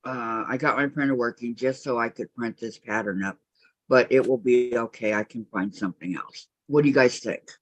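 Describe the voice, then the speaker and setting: A woman's voice: extremely low pitch, normal speed. A woman hosting a casual quilting live stream, chatting, laughing and reading viewer comments aloud. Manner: chatty, laughs often, reads chat aloud. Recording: muffled lo-fi dry audio.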